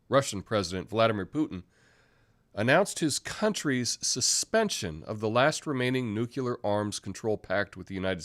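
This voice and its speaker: A man's voice: on the low side, fairly bright tone. A man hosting a live commentary show, talking through the news in a conversational way, with frequent fillers and restarts. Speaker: host.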